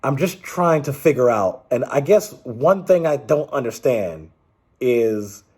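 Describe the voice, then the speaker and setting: Guy with a kinda husky voice doing a rambly exasperated political rant vlog. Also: mid-range voice, animated, unhurried, darkish tone. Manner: rambling, exasperated, with frequent restarts. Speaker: political commentator. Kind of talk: casual commentary vlog.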